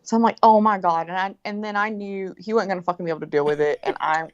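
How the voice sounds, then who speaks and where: A middle-aged woman telling a story in casual chat, animated and profane, acting out what people said. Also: medium pitch, quick pace. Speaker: guest. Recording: dull lo-fi sound.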